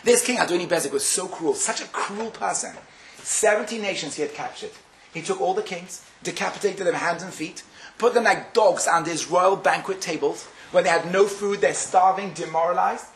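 A man giving a Torah lecture, telling stories with animated delivery and acting out the quotes. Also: normal speed, echoey room, a little hiss or hum, poor audio. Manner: animated, acts out quotes with sharp pitch jumps. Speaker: rabbi giving a Torah class.

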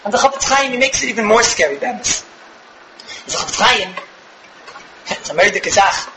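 Fast, high-voiced young man lecturing. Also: roomy sound, noisy background. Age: young adult. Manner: animated, rhetorical questions, bursts of shouting. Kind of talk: religious lecture to a live audience. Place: room with an audience.

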